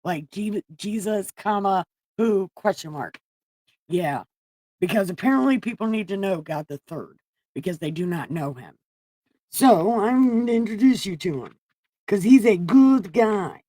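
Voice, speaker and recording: A woman's voice: medium pitch, lively intonation, normal speed, warm tone, dry recording. A woman hosting a livestream, retelling Bible stories casually in a profane, rambling, jokey way from a room at home. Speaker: livestream host.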